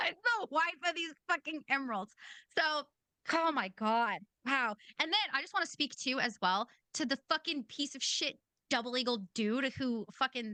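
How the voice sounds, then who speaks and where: A woman hosts a podcast, giving blunt and casual commentary peppered with swearing. Her voice is bright and forceful and sits a little high. The sound is dry and close, with no room echo. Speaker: podcast host.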